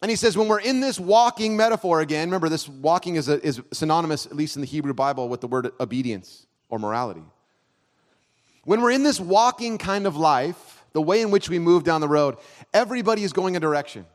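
A male pastor delivers a sermon in a church hall a little fast and with lively intonation, dropping from loud, emphatic, raised sections into quiet, low, close asides.

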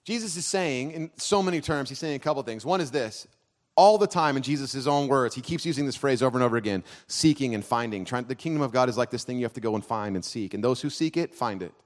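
Moving quickly and hardly pausing, a pastor preaches to his church hall. This man alternates between loud, raised, emphatic passages and soft, low, close asides.

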